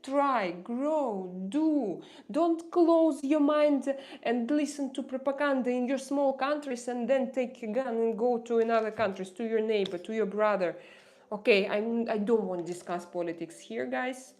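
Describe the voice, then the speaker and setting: Woman, non-native English, livestream host, earnest, impassioned, halting with fillers, fairly high voice. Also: a little mellow. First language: not English. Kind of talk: casual livestream chat reading viewer comments.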